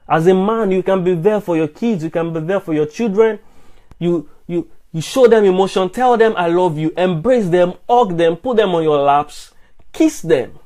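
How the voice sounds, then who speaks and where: A man's voice: high-pitched, dark tone. A man preaching a sermon during a live stream, earnest and repetitive, often restarting his words.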